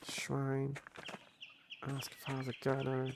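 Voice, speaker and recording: A man's voice: mid-range voice, monotone, slow pace, background noise. A man streaming a story game, reading along and making joking, rambling asides full of fillers. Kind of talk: casual game commentary.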